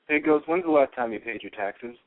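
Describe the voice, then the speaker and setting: A man's voice: medium pitch, animated, a little fast. A male caller on a radio show, needling the host and repeating his question. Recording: tinny phone line.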